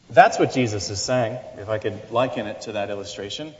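A man's voice: mid-range voice, a little fast, hardly any pauses, long reverb tail, highs cut off. A middle-aged man preaching a sermon in a conversational way, often restarting and adding asides. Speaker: pastor.

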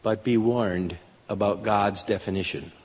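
A man's voice: fairly low pitch, measured pace, darkish tone. A man preaching a sermon in an earnest style, his voice rising for emphasis. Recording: dull lo-fi sound with long hall reverb.

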